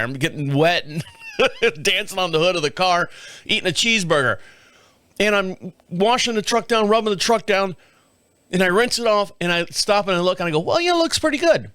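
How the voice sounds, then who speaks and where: A man's voice: high-pitched, no echo. Profane, rambling man telling a story. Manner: profane, rambling, animated with laughs and sound effects. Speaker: podcast host. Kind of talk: casual storytelling monologue.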